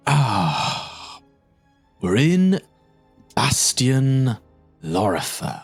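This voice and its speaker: A man, narrating a tabletop game as game master in slow, descriptive storytelling. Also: mid-range voice, very animated, slightly rough, dry recording, faint music behind.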